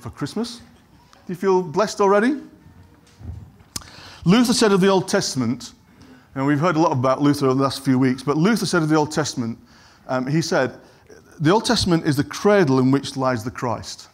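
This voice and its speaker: A man's voice: fairly high pitch, animated, a little fast. A middle-aged man preaching a sermon in an easy, conversational way, wandering into asides and apologizing for them. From England. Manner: conversational, digresses and apologizes, acts out quoted lines.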